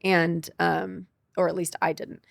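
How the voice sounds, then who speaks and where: Gravelly-voiced woman telling her story. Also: fairly low pitch, little pitch movement, dry recording, clean studio sound. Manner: quick, tearful retelling with quoted dialogue. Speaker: podcast guest. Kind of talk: emotional personal storytelling.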